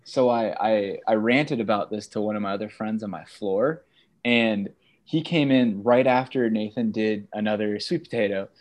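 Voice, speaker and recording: A young man in his twenties, a student guest in a casual chat, telling stories with animated put-on voices for quotes. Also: fairly low pitch, moderate pace. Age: 20s.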